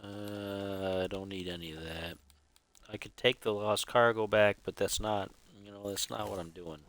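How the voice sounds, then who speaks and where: A man's voice: lowish voice, fairly bright tone, slight background noise. A man streaming a game, chatting casually in a goofy, rambling way and chuckling at his own jokes. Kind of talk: casual live gameplay chat.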